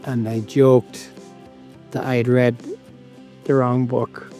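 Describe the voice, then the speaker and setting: Mellow-voiced sheepish male co-host. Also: mid-range voice, level tone, slow, soft background music. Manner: sheepish, self-deprecating. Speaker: podcast co-host. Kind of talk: casual podcast banter.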